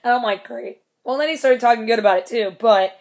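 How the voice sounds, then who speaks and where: A woman's voice: a little high, fast, a little mellow. Chatty young woman swearing through a story. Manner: chatty, swears a lot, laughs often, acts out quotes. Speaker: concert fan telling a story. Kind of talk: casual storytelling vlog.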